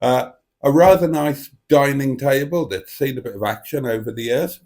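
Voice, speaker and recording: A man's voice: mid-range voice, moderate pace, darkish tone. A man hosting a casual live stream from his dining table, speaking into a desk microphone in a rambling, self-mocking, theatrical way. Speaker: livestream host. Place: home dining room.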